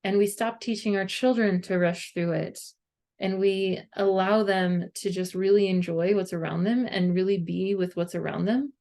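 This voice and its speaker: Female parenting vlogger, casual earnest monologue, medium pitch, chatty filler words. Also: fairly even intonation, moderate pace, warm tone. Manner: earnest, conversational, heavy use of "like".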